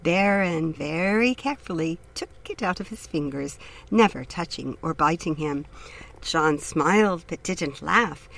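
Lower-pitched woman narrating an audiobook. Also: vocal fry, poor audio. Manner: measured, steady. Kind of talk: scripted narration.

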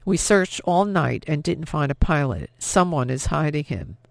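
An agitated German army captain speaks in clipped, formal phrases, as a man reads him. Anger simmers under his politeness. His voice is gravelly and dry. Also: a little high, expressive, moderate pace, no room sound. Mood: tense.

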